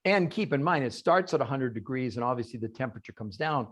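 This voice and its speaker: A man's voice: mid-range voice, expressive, quick pace. A man giving an emphatic talk on a video call. He asks rhetorical questions and answers them himself. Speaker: guest speaker on a call. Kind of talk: animated presentation on a group call.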